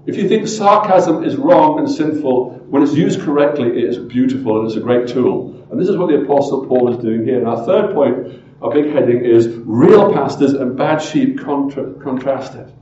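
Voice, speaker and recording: A man preaching a sermon as pastor, emphatic and full of rhetorical questions, often swinging from loud to hushed. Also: medium pitch, normal speed, reverberant, dull audio, a little hiss or hum.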